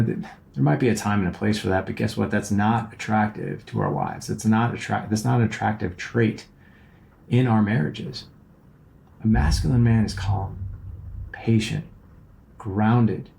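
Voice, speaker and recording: Low gravelly man giving earnest advice. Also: darkish tone. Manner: earnest, rambling, repeats words and keeps asking "right?". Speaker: podcast host and relationship coach. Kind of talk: casual advice monologue.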